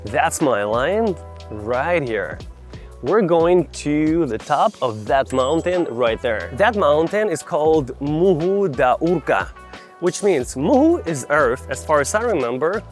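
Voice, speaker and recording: A lively man with an Eastern European accent talks to his handheld camera outdoors at a crowded tourist spot. His voice sits a bit high and jumps around a lot in pitch, playful and chatty, with soft music under it. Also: takes it slowly. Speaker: travel vlogger. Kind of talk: casual vlog chat with strangers.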